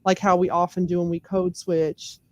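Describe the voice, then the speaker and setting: A woman from Memphis, USA, with a thick Southern accent speaks as a guest on a podcast, where she's a lawyer and comedian. Her voice is lowish and darkish in tone, delivered flatly at a normal speed. The talk is casual interview chat, candid and emphatic.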